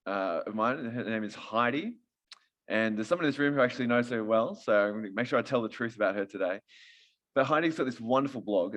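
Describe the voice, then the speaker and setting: A man preaches in a relaxed, joking, conversational way. His voice sits very low and deep throughout. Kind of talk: sermon.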